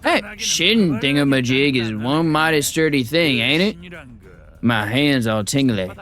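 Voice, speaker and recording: A man's voice: medium pitch, animated, a little slow, a bit bright, soft background music. A man putting on a folksy Southern-drawl swordsman. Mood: cocky teasing. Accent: put-on American Southern drawl. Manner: cocky, folksy, teasing. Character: brash male blade warrior, folksy drawl.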